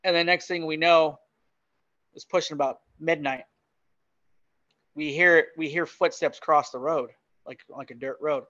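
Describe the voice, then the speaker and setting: A man telling a story as a podcast guest in casual, animated chat, often laughing. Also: fairly high pitch, a little slow, pauses often, no room sound, lo-fi sound.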